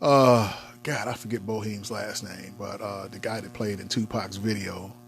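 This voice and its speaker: A man co-hosting a casual chat about movies, laughing a lot and trailing off quietly. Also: lowish voice, fairly even intonation, normal speed, gravelly, slightly rough, faint music behind. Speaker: co-host.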